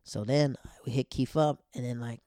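Warm-voiced man telling a slangy story. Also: mid-range voice, normal speed, no echo, clean studio sound. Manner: animated, slangy, laughs often. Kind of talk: casual storytelling.

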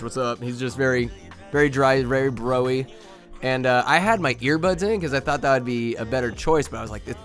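Dude from norcal doing a rambly crude comedy podcast, laughs a lot. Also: male voice, mid-range voice, a bit bright. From Northern California. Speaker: podcast host.

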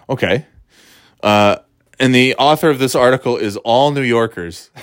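A man's voice: medium pitch, no room sound. Dry-voiced rambling sardonic man. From US East Coast. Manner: rambling, sardonic, lots of restarts and fillers. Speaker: vlogger. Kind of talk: casual rambling monologue.

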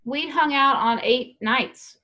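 A woman's voice: sits high, takes it slowly, bright, forceful tone. A young adult woman telling a long, frank, rambling story in casual chat, laughing now and then. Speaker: guest storyteller.

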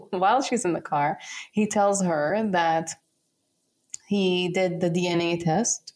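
Woman podcast cohost, slow easy talk, laughs a lot. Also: fairly low pitch, darkish tone. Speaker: podcast co-host. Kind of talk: casual chat.

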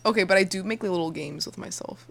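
A woman's voice: medium pitch, fast, creaky, a bit bright. A young woman co-hosting a podcast, chatting casually in a blunt, crude and teasing way. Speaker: podcast co-host. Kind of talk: casual chat.

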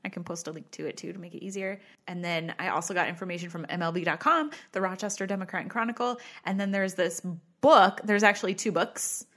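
A woman co-hosting a podcast, talking in a loose, chatty way. She jokes easily and reacts with quick exclamations. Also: lowish voice, fairly bright tone. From United States. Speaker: podcast co-host. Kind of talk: casual chat.

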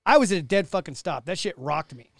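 High-voiced man, loud profane outbursts. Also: lively intonation, fast, dry recording, clean studio sound. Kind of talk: casual chat.

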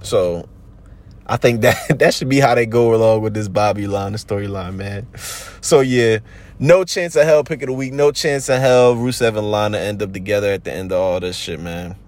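A man's voice: lowish voice, normal speed, a little mellow. A man hosting a podcast in a slangy, rambling, casual chat full of fillers. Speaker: podcast host.

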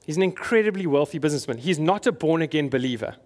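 Pastor preaching. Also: male voice, a little high, lively intonation, fast talker, darkish tone. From South Africa. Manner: conversational, asks the congregation questions. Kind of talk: sermon.

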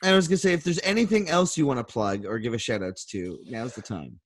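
A man's voice: medium pitch, fast. A man hosting a podcast, laid-back and encouraging, asking his guest questions. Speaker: podcast host. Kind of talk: casual podcast interview.

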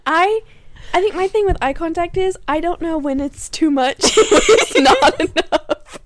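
A woman's voice: very high voice, lively intonation, measured pace, no room sound. A young woman chatting as a podcast guest, playful, teasing and giggly. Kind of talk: casual chat.

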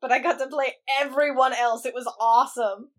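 A young woman co-hosting a casual podcast, animated and exclamatory, often laughing. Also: high voice, a little fast. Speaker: podcast co-host. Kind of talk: casual chat.

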